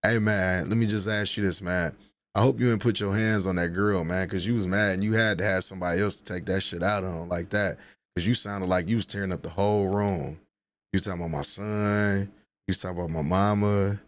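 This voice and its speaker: Dude on a livestream roasting chat, low voice, aave, profane and laughing. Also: male voice, fairly even intonation, brisk. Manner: trash-talking, laughing, profane banter. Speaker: livestream host.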